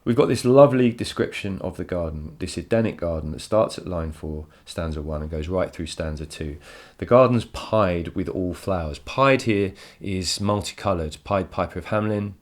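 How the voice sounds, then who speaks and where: A man with a very low voice talks through a poem for his students. He explains with enthusiasm and repeats words as he works out each point. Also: moderate pace, few pauses. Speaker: teacher. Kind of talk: recorded poetry lesson. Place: home.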